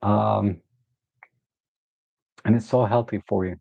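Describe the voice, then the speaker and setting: A man's voice: on the low side, steady tone, slow pace, gravelly, a little mellow, no echo. A man hosting a casual photography livestream, rambling with many fillers and restarts. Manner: rambling, many fillers and restarts, baby talk to his dog. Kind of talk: casual live-stream chat.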